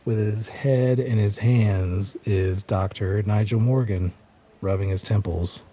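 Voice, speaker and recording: A man's voice: lowish voice, fairly even intonation, slow, warm tone. A man running a tabletop game as game master, narrating scenes in a loose, descriptive way with fillers.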